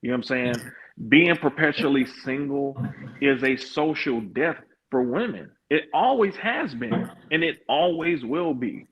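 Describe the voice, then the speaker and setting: A man delivers opinionated commentary on a talk show in a middle-pitched voice. He repeats and restarts his words, then builds to firm, emphatic points. The recording sounds dull and lo-fi. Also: expressive, a little slow. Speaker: podcast host.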